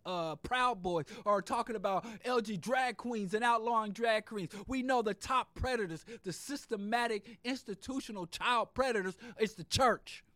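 A man delivering an impassioned political monologue, fiery and profane, hammering points in repetitive lists and dropping into low muttered asides. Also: no room sound. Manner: swings between loud outbursts and low muttered asides. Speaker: podcast host.

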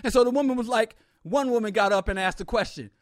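A man telling a humorous story in an animated, comic way with exaggerated asides. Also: sits high, quick pace, no echo, studio quality.

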